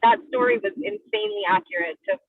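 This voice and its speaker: A woman's voice: very high-pitched, quick pace, dry recording. A woman from Trinidad telling a personal story on a video call, acting out the voices of the people in it. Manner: animated, acts out voices in her story. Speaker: community discussion participant. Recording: tinny call audio.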